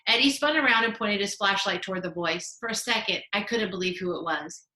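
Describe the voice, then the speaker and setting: A woman teacher reading a children's novel aloud in an expressive storytelling manner. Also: medium pitch, a little fast. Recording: roomy echo.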